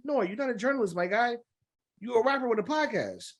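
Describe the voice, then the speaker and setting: A man co-hosting a podcast, talking in an animated, opinionated casual chat. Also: extremely high pitch, a little fast. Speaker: podcast co-host.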